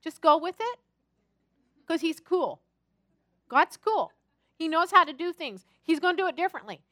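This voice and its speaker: Bright, high-voiced woman preaching. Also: moderate pace, dry recording, clean studio sound. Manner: animated, chatty and humorous storytelling. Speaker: pastor. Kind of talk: sermon with personal stories.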